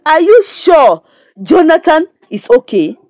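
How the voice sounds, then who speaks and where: A young woman with a Nigerian accent retells a drama episode in a loose, chatty way. She keeps turning to her listeners to moralize. Her voice sits slightly high and sounds dry and close. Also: very animated, slow pace, darkish tone, dry recording. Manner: chatty, preachy asides, addresses listeners as "my people". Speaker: movie reviewer. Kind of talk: casual recap and commentary.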